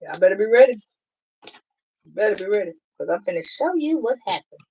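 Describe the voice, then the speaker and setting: A woman's voice: mid-range voice, sing-song, fairly quick, darkish tone, dull audio, a little hiss or hum. Blunt, profane woman doing a tarot reading. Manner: blunt, profane, emphatic, addresses viewers directly. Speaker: tarot reader. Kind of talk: casual tarot reading to viewers.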